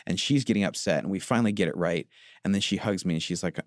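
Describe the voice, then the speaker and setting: A man with a low voice talks earnestly in a reflective podcast chat, often pausing to find his words. The sound is dry and close, with almost no room around it. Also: no echo. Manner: earnest, confessional, searching for words. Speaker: podcast co-host.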